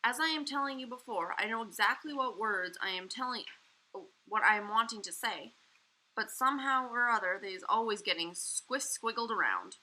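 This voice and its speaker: A woman's voice: on the high side, animated, moderate pace, heavily acted. A woman reading aloud, voicing a very old, friendly male giant who talks in muddled, ungrammatical English. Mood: sad. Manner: jumbled grammar, loud and emphatic.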